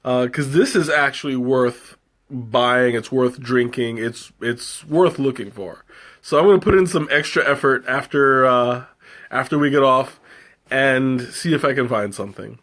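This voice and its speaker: Slow, rambling man hosting a tea stream. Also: medium pitch, fairly bright tone. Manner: rambling, hesitant, many fillers and restarts. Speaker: livestream host tasting tea. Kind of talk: casual live chat.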